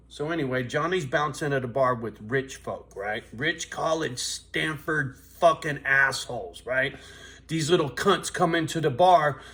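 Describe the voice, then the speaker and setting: Streetwise man in his fifties, profane vlog storyteller, voice sits a bit high, keeps checking in with "right?". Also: a bit bright. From US West Coast. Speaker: vlogger.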